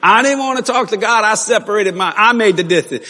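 A man preaching a sermon, telling stories animatedly with laughs and sudden shouts. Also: high voice, expressive, quick pace, few pauses. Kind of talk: sermon storytelling. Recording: long hall reverb.

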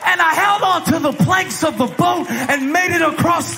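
A man preaching a fiery sermon in a large church, shouting in repeated refrains. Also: very high-pitched, normal speed, creaky, music in the background, crowd noise. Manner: shouting, rising intensity, repetitive refrains. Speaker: pastor.

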